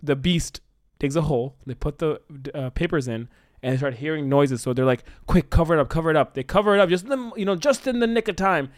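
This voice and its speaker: Animated man pitching story ideas. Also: brisk. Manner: animated, acts out characters' lines mid-pitch. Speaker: co-host brainstorming a story. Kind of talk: casual creative brainstorm.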